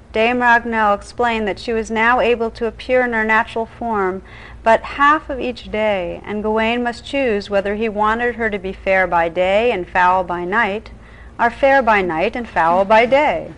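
A woman meditation teacher reading an old legend aloud in a calm, measured way during a dharma talk. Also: fairly high pitch, low-quality recording.

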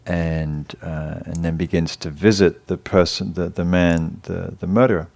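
A man with an English accent giving a dharma talk as a meditation teacher, gentle and halting, pausing and restarting as he tells a story. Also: sits low, level tone, gravelly. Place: meditation hall class.

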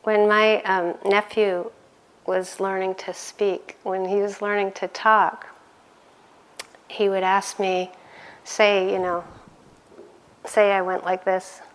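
A middle-aged woman giving a conversational dharma talk as a meditation teacher, laughing often and growing animated in her stories. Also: medium pitch, slow pace, long pauses.

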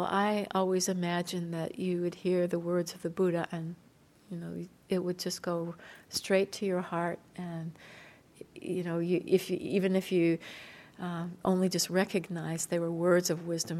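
A woman meditation teacher giving a dharma talk in a gentle, soft-spoken, unhurried way, with light laughter between points. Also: fairly low pitch, level tone.

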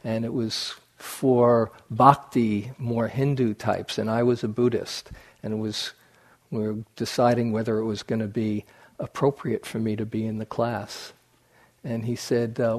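A man giving a dharma talk as a meditation teacher, reflective and unhurried, speaking to an audience in a meditation hall. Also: fairly low pitch, level tone.

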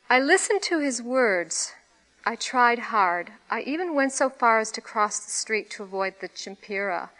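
A woman meditation teacher giving a dharma talk, reading a story aloud with expressive storytelling. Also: medium pitch, low-quality recording. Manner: expressive storytelling, laughing at times.

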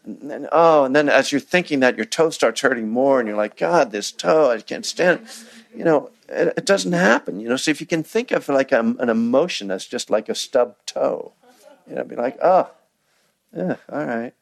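Male meditation teacher, mid-pitched, dry close sound, halting and conversational. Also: lively intonation, creaky, no echo. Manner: conversational, halting with restarts and fillers, acts out inner voices. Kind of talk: dharma talk. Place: meditation hall.

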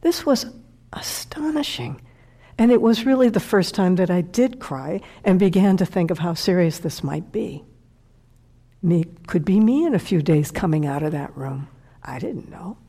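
A woman's voice: lowish voice, moderate pace, dark tone. A middle-aged woman, a meditation teacher, telling a heartfelt personal story in a dharma talk and sometimes dropping to a whisper.

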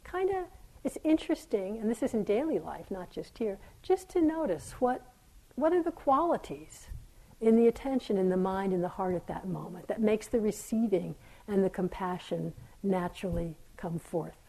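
Soft-spoken woman giving a dharma talk. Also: medium pitch, animated, normal speed, poor audio. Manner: gentle, reflective, drifting into soft near-whispers. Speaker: meditation teacher. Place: meditation hall.

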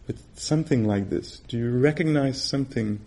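A middle-aged man teaches meditation in a relaxed, chatty way. He laughs easily and slips into other people's voices when he quotes them. His voice sits at an ordinary male pitch. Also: moderate pace. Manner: warm, conversational, laughs often, acts out quoted voices. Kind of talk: dharma talk.

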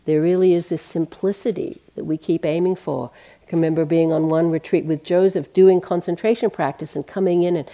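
A woman gives a dharma talk as a meditation teacher, her voice low-set and mellow. She speaks gently and conversationally, often saying "you know". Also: fairly even intonation, a little fast.

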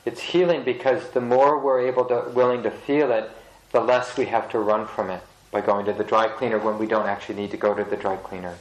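A man teaching meditation to a group, reflective and gentle, with pauses and restarts. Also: on the low side, fairly even intonation, highs cut off. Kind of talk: dharma talk. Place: meditation center hall. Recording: roomy hall.

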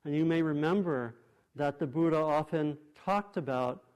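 A man teaching meditation, giving a dharma talk to a group in a meditation hall, thoughtful and unhurried, with frequent pauses and restarts. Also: on the high side, a little mellow, clean tone.

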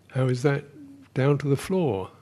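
A Buddhist teacher gives a dharma talk at a meditation retreat, his medium-pitched voice moving in slow, halting phrases. He pauses often and sometimes sinks to a soft whisper.

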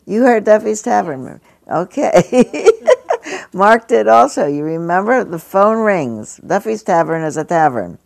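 A woman's voice: mid-range voice, sing-song, measured pace, creaky, darkish tone, no room sound. A woman over seventy giving a meditation teacher's dharma talk to an audience, conversational and storytelling, with frequent chuckles. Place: meditation hall.

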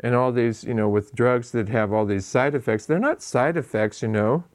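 Man teaching meditation, loose and conversational, frequent laughter, a mid-pitched voice. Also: moderate pace. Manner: conversational, laughing, with many asides. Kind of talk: dharma talk. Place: meditation hall.

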